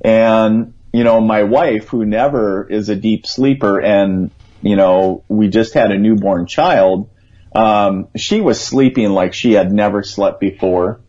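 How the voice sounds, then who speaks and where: This man's voice is fairly low and darkish, and he takes his time. Appearing as a guest psychic on call-in radio, he rambles earnestly through a conversational story, quoting what he thought, all in a dull lo-fi radio recording.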